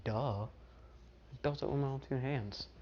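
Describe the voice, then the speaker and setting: A brash, confident young hero, as a man puts him on, protective and quick to tease. The voice sits mid-range with nothing put on, and the recording sounds dull and lo-fi with a faint hiss of the room behind. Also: medium pitch, lightly acted.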